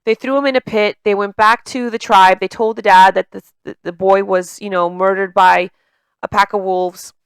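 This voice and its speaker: A woman's voice: mid-range voice, steady tone, moderate pace, clean tone, no room sound. Woman coach with a slight stutter. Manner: repeats words mid-sentence, slight stutter; conversational, many fillers like "you know" and "like". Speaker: emotional intelligence coach. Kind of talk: casual coaching monologue.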